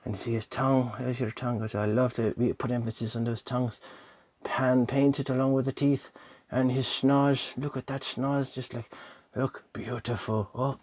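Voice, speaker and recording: A man reviewing an action figure on his own channel, excitedly gushing and talking to the toy and his audience. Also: medium pitch. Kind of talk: enthusiastic toy review vlog.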